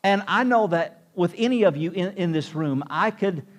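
In a church room full of congregants, a man gives a sermon as their pastor, using an expressive, fairly high voice at a moderate pace. He builds to emphatic rising peaks as he speaks.

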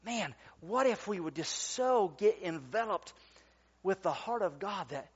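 Guy preaching, pretty high voice, gets loud then goes quiet, asks for amens, kinda dull lo-fi sound. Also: sing-song, moderate pace, husky. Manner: emphatic, swings from loud to quiet, calls for amens. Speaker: pastor. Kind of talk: sermon.

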